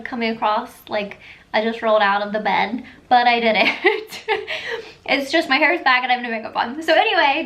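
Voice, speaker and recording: Woman, 30s, high pitch, casual beauty tutorial at home, upbeat and chatty. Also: sharp tone. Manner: chatty and enthusiastic, quick asides. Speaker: beauty vlogger.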